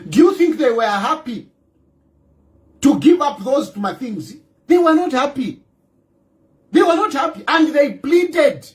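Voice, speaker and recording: A man with a Zambian accent rants about politics in a fierce, animated voice that swings up and down. He drives each point home by repeating himself and throwing rhetorical questions at the listener, and he slips local-language phrases in among the English. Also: very high voice. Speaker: political commentator. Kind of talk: ranting monologue.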